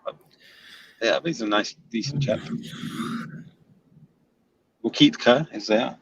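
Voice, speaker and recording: A man's voice: medium pitch, slow pace. A man hosting a casual online chat, teasing and laughing often. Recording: slightly dull sound with faint background hiss.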